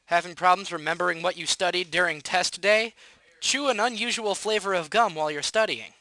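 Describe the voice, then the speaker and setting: A man's voice: high-pitched, a little fast, pushed and bright, no echo. A teenage boy presenting a scripted segment on a school news show in an upbeat way. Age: teens.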